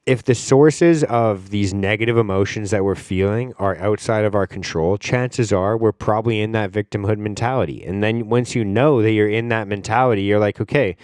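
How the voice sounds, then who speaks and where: A man's voice: fairly low pitch, normal speed, few pauses, a little mellow, clean tone, no room sound, studio quality. A young man hosting a solo podcast, talking informally in a rambling way, with many fillers and frequent swearing. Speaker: podcast host. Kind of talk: casual solo podcast talk.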